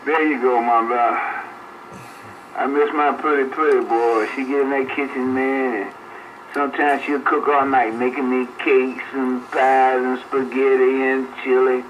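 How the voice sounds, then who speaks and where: A man's voice: mid-range voice, flat delivery, a little slow. An older man on a CB radio, chatting casually and reminiscing in a folksy way, laughing often. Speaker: CB radio operator. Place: on the air by CB radio. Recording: dull CB radio audio with faint hiss.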